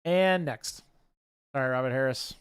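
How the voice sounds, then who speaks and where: A man hosting a casual livestream giveaway, calling out winners' names loudly and joking between them. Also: medium pitch, unhurried, clear, resonant tone, dry recording, clean studio sound.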